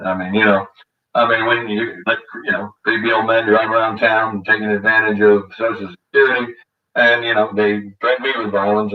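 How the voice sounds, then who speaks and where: Older male host, low voice, rambling and crude, recorded a bit distant on dull lo-fi audio. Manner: rambling, crude and bitter, many fillers and restarts. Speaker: radio show host. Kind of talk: rambling monologue. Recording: dull lo-fi audio, voice set back from the mic.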